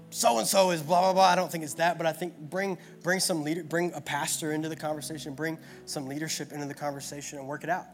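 Guy preaching, kinda high voice, repeats stuff a lot, asks the crowd questions, soft music behind. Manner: earnest, repetitive preaching with rhetorical questions. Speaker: pastor. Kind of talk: sermon.

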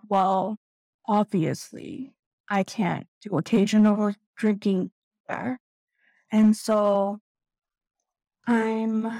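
A woman's voice: on the high side, dark tone, no room sound, rough recording. Candid woman telling a painful story. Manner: candid, halting, tearful at times. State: close to tears. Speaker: guest sharing recovery story. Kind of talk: emotional personal testimony.

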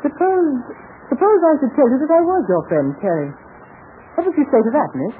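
An actor playing a young American adventurer who puts on a British accent, jaunty and teasing, in a 1940s radio serial. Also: male voice, very high-pitched, huge pitch swings, a little fast, full character voice. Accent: put-on British. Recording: scratchy 1940s radio broadcast, narrow band, hiss.

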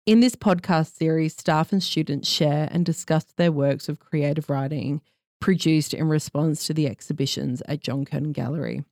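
A podcast host reading a scripted introduction in a clear, formal way. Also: medium pitch, moderate pace, darkish tone, dry recording, clean studio sound.

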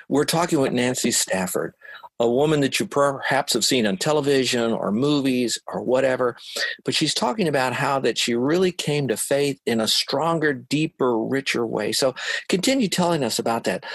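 A man's voice: mid-range voice, breathy edge, no echo. A man hosting a radio interview, affirming his guest with preacherly asides. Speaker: radio show host.

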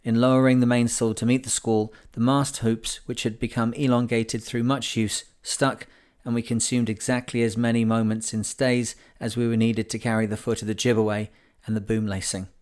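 Man reading an old sailing book out loud, steady pace, smooth clear voice, middle pitch. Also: moderate pace. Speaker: audiobook narrator. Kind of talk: audiobook reading of a classic sailing memoir.

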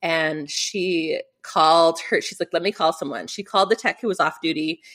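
A woman's voice: sits low, moderate pace. Chatty middle-aged woman telling a story. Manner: animated, acts out quotes, many fillers. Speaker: rally competitor. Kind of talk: storytelling in an interview.

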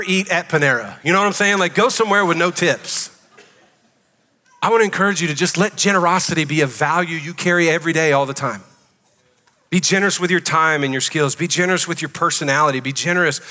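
Emphatic bright-voiced male pastor preaching. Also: fairly high pitch, long reverb tail. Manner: emphatic, conversational preaching with audience questions. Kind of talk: sermon. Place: church sanctuary.

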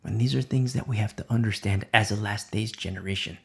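A man preaching a verse-by-verse sermon who swings from loud emphasis to hushed whispers and repeats key phrases for weight. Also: lowish voice, steady tone, a little fast, vocal fry. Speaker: preacher leading a Bible study.

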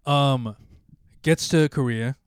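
A man's voice: medium pitch, takes it slowly, clear, resonant tone, dry recording, clean studio sound. A man hosting a podcast, telling a story in casual chat, rambling with lots of fillers and acting out the voices he quotes.

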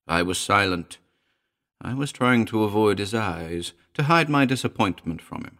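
A man reading a first-person story aloud as an audiobook narrator, in a measured storytelling manner. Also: on the low side, animated, fairly bright tone.

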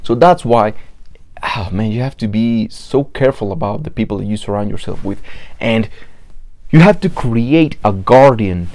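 Podcast host, Mexican Spanish accent, warm dark voice, profane, loose rambling monologue. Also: male voice, on the low side, normal speed. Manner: profane, repetitive restarts, acts out quoted people. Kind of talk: casual monologue.

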